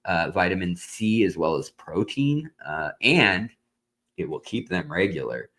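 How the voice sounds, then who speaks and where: A man hosting a live stream in casual chat, rambling and slow, now and then talking baby talk to his cat. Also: deep voice, sing-song, a bit bright, rough recording.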